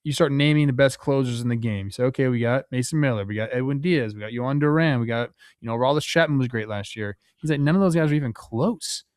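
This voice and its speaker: Relaxed, hesitant man talking baseball. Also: mid-range voice, fast talker, hardly any pauses, clean tone, no room sound, studio quality. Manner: relaxed, hesitant, many fillers and restarts. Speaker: co-host. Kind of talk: casual sports talk.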